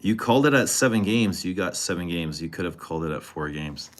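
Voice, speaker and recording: A man's voice: deep voice, lively intonation, fairly quick. A man chatting casually with his live-stream audience, teasing viewers and answering their questions. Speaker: fragrance streamer.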